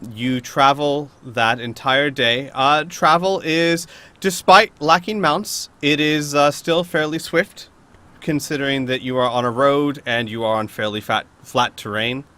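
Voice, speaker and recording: Bright-voiced man running a tabletop game. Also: medium pitch, unhurried. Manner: casual, hesitant with many fillers. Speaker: game master.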